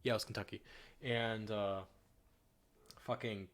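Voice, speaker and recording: A man's voice: on the low side, steady tone, unhurried, a bit bright. A young man from the northern United States, chatting casually while he paints on a livestream, rambling and swearing freely with lots of fillers. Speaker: streamer. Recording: faint music behind.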